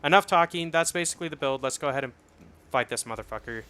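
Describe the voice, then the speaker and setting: A young man casually explaining his game build on a livestream, swearing and getting excited once the fights start. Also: on the high side, fast. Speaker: streamer. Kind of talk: casual gameplay commentary.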